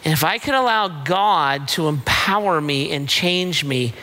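A man's voice: on the high side, expressive, a little slow, bright, forceful tone. A middle-aged man preaching a sermon as pastor, emphatic and playful, acting out the voices of God and of people in the quotes he tells.

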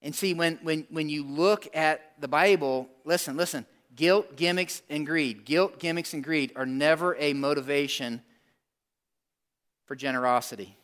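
A pastor with a high voice preaches a sermon to his congregation. He talks conversationally, questions his listeners, repeats words and climbs to near-shouts to make a point. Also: measured pace.

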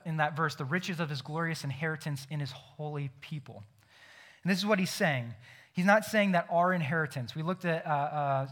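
A young man preaching a sermon, animated and emphatic, acting out imagined conversations. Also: on the high side. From Ohio. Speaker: pastor.

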